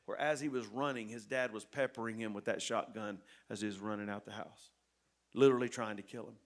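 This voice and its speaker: A pastor telling a story in a sermon, earnest and repetitive, dropping soft and then rising loud. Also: male voice, on the low side, fairly even intonation, fairly quick.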